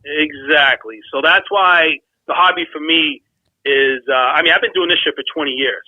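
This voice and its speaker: A man's voice: fairly high pitch, moderate pace, no room sound, highs cut off. A man talking casually as a podcast guest, emphatic and rambling, with many fillers.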